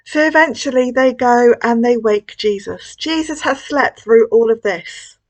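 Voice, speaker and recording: Expressive woman telling a children's story. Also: a little high, low-quality recording. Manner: gentle, expressive storytelling to children, with hushed moments. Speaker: school worship leader. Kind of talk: children's collective worship storytelling. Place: church.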